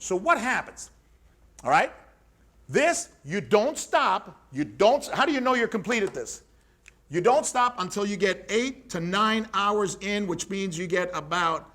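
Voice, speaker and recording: A man teaching personal trainers about growing their business, blunt and animated, acting out little dialogues with clients. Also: high-pitched. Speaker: fitness educator. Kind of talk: lively business coaching talk.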